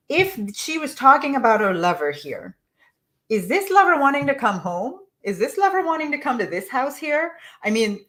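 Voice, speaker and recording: A woman's voice: mid-range voice, a bit bright. A woman money mindset coach leading a live coaching call, reading a listener's message aloud and asking her audience to reflect on it.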